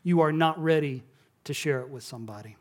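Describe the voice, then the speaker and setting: A middle-aged male pastor preaching a sermon, telling stories in a conversational way and dropping soft and low on key words. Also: a little fast.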